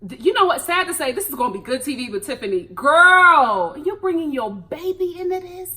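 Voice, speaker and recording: A young American woman giving sassy, animated commentary on a reality show and laughing often. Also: sits high, brisk. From United States. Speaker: show reviewer.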